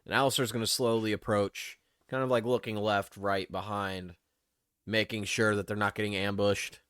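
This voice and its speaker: A man's voice: on the low side, flat delivery, moderate pace, fairly bright tone, clean tone, no room sound, clean studio sound. A man playing a tabletop game, wry and suspicious while speaking for his character. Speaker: player.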